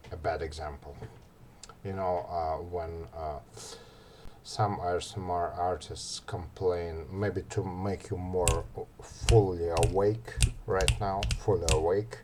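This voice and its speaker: A man explaining relaxation technique in a soft, hesitant, instructional way, sometimes dropping almost to a whisper. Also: deep voice, slight background noise. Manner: slow, soft-spoken, drops to near-whisper for example phrases; hesitant, many fillers. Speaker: ASMR artist giving advice. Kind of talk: instructional talk.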